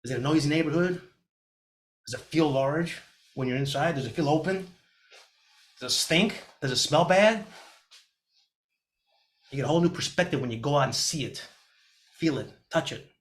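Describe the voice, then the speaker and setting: A middle-aged man teaching a real estate class over a video call, energetic and motivational, often acting out panicked clients in a higher voice. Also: normal speed, long pauses.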